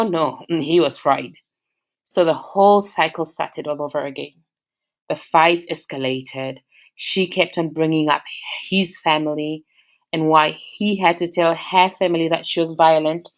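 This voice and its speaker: Australian woman telling a story animatedly. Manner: animated, conversational, shifts pitch for emphasis. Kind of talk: casual storytelling.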